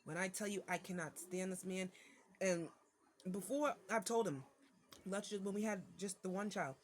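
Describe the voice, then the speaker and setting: A woman talks straight to her camera, venting as a mother in a loose, irritated rant. She keeps breaking off with fillers and restarts. Her voice sits in a middle pitch, with a faint hiss of noise behind it. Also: normal speed. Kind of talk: casual venting monologue to camera.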